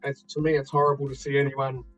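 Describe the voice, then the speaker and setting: A man's voice: medium pitch, monotone, quick pace, lo-fi sound, faint music behind. An Australian man in blunt, profane casual chat, ranting with fired-up energy.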